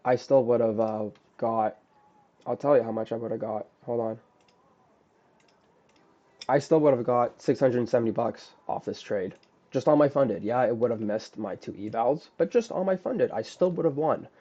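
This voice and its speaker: A man's voice: medium pitch, moderate pace, mellow. A man recapping a trade he closed too early, talking in a casual, profane, self-critical way. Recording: dull lo-fi audio.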